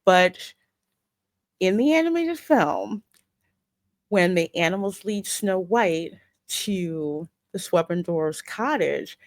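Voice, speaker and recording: A woman co-hosting a casual film review chat. She talks in an animated, hurried way, with many restarts. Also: on the low side, dry recording.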